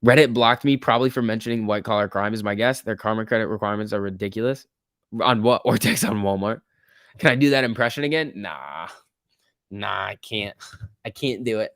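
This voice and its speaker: A young man hosting a casual stock-market livestream, chatty and excitable, reading chat messages aloud. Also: on the low side, fairly quick, dry recording, clean studio sound.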